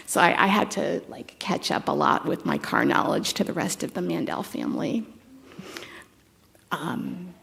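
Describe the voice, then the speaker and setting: Woman in her 50s doing a eulogy, low voice, super gravelly fry, halting and chatty with wry little asides. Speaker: stepdaughter giving a eulogy. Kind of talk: memorial eulogy.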